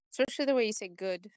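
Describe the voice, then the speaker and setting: A woman's voice: medium pitch, no echo. A chatty American woman with an American accent, talking casually and laughing easily. Her voice sits mid-range, and the sound is dry and close with no room around it. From United States. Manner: chatty, giggly, many fillers. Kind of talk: casual chat.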